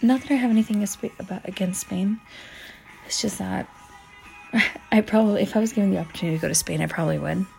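A young adult woman telling a casual, animated story as a vlogger, full of "like" fillers and swearing. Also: medium pitch, quick pace, gravelly, long pauses, soft background music, poor audio. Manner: chatty, heavy on "like" fillers and swearing; animated, acts out quoted voices. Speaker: vlogger answering viewer questions.

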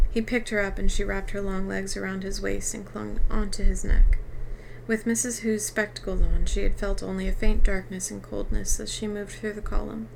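A woman's voice: medium pitch, level tone, moderate pace, gravelly, a little hiss or hum, rough recording. A woman reading a novel aloud, now and then stumbling over the text. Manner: stumbles and apologizes between passages. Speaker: reader.

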